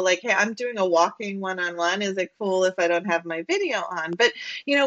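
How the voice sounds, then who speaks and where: A woman's voice: medium pitch, fairly bright tone. A woman being interviewed as an engineering leader, answering freely with lots of "like" and "right?" fillers over a remote call. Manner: talks freely, frequent "like" and "right?".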